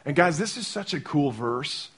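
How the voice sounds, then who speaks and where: A young male pastor preaches in a loose, chatty way, jumping into little acted-out voices to make his point. His voice sits a touch high for a man and has a husky edge to it. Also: moderate pace. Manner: animated, conversational, acts out quotes. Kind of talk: sermon.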